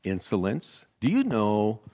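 An older man, a pastor, preaching a sermon with jokes, jumping up in pitch to stress words. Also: a little slow. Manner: animated, jokey, leaps in pitch for emphasis.

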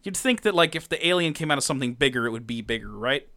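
Bright-voiced, animated, laughing man. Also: medium pitch, fast. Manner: animated, laughing often, swearing freely. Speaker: podcast co-host. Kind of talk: casual comic recap chat.

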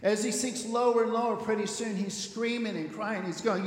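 A male pastor preaching a sermon, earnest and emphatic, rising to loud peaks. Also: sits high, fairly even intonation, normal speed, hardly any pauses. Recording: roomy hall reverb.

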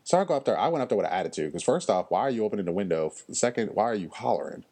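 Solo podcast host, male, lowish voice, casual chat, animated, blunt and slangy. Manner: frequent fillers and pauses.

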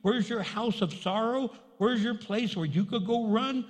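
A male pastor delivers a conversational, animated sermon, switching into little voices for the people in his stories. His voice sits fairly high for a man. A long hall reverb trails each phrase. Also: measured pace. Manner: conversational, animated, acts out quotes.

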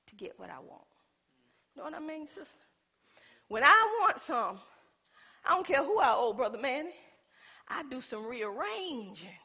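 A woman with a high, sharp-toned voice preaches a sermon as a pastor, speaking in a colloquial way. She calls out to the congregation and acts out small scenes from her own life.

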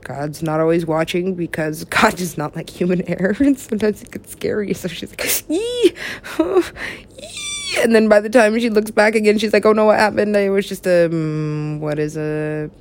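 A woman's voice: fairly low pitch, steady tone, moderate pace. A woman talking in a meandering, giggly way, swearing freely and trailing off into mumbles. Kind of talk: rambling casual talk.

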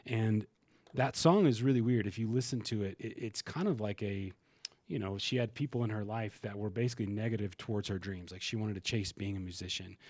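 A man with a low voice speaks as a podcast guest, open and emotional, with plenty of swearing and false starts. The sound is dry and close, with no room around it. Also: a little fast, a little mellow, dry recording. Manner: emotional and frank, swears, frequent restarts and fillers. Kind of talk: candid conversational storytelling.

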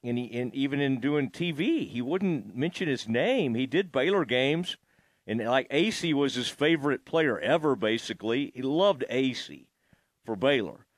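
A man's voice: medium pitch, animated, normal speed, dry recording. A man hosting an interview in a casual way, asking rambling, hesitant questions with many restarts. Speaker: podcast host.

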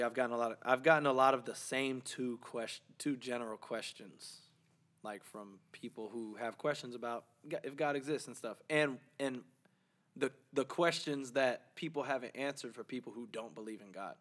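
A man's voice: medium pitch, normal speed, fairly bright tone. Male podcast co-host, mid-range voice, casual and jokey, slang-heavy. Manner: loose and joking, slangy, repeats himself. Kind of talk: casual chat.

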